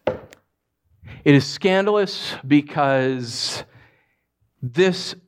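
Male pastor, sermon delivery, animated and playful, a touch higher than average pitch. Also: extremely slow, a little hiss or hum. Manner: animated, acts out voices of dogs, cats and listeners.

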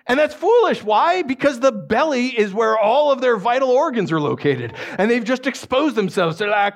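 A man preaching with lively, theatrical energy, slipping into the voices of the characters in his stories. His voice sits a little higher than most men's. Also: normal speed, hardly any pauses. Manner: animated, acts out voices of dogs, cats and listeners. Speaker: pastor. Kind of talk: sermon.

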